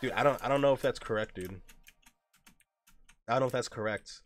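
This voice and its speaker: A man's voice: mid-range voice, brisk, soft background music. A young man streaming a game, chatting casually in a joking, profane way with frequent laughs. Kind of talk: casual gameplay chat.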